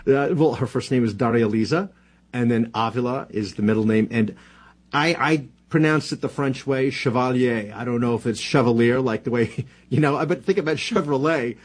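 A man's voice: medium pitch, slightly rough. A man from New Jersey, a political commentator talking casually in a radio interview, with lots of fillers and restarts. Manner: halting, many fillers and restarts.

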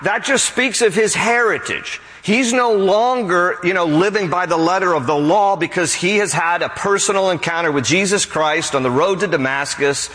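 High bright-voiced male pastor preaching. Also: normal speed, few pauses, in a large hall, rough recording. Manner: animated, acts out quotes. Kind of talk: sermon.

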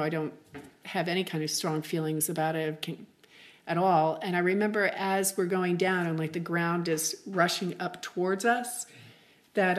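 Middle-aged woman, low voice, halting and chatty, full of fillers, telling her own story. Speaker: interview guest. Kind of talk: personal storytelling.

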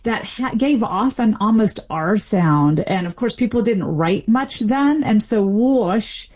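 A woman expert explaining how accents form, in a measured way with frequent fillers. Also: medium pitch, lively intonation, a little mellow, husky, dull audio. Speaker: linguist guest. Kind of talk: expert interview answers.

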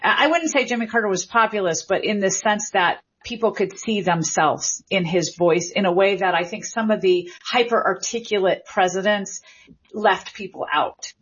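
Middle-aged woman, linguist guest, husky and muffled, enthusiastic explainer. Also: mid-range voice, normal speed, a bit bright. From American South. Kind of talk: interview answers, explanatory. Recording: dull lo-fi audio.

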